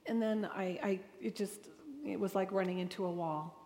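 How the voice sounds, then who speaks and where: A woman's voice: medium pitch, steady tone, moderate pace, darkish tone. Earnest woman telling her story, echoing hall. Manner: earnest, emotional storytelling with vivid retold dialogue. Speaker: speaker addressing an audience. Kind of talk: personal testimony talk. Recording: long reverb of a large hall.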